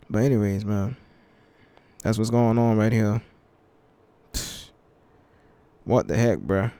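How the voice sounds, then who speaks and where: A man's voice: on the low side, expressive, dark tone, dry recording. Laid-back slangy man riffing casually. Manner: laid-back slangy banter, reads scripture slowly. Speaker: commentary channel host. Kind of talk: casual reaction commentary. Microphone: headphones with mic.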